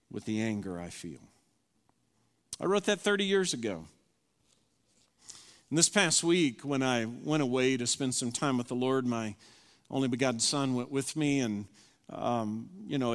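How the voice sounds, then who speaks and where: A pastor in his fifties preaching a sermon, telling an emotional personal story and reading from an old journal. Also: medium pitch. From Southern US. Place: church sanctuary. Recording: reverberant hall.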